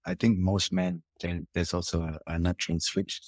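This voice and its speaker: Deep-voiced man, halting speech. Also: level tone, dry recording. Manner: halting, searching for words, many restarts. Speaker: tantra and yoga teacher, podcast guest. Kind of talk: conversation, then guided meditation.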